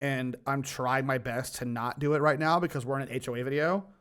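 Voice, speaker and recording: A man's voice: medium pitch, steady tone, fairly quick, fairly bright tone, clear, resonant tone. A man streaming his reaction to a video, ranting heatedly and swearing, with bursts of laughter. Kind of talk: casual reaction commentary.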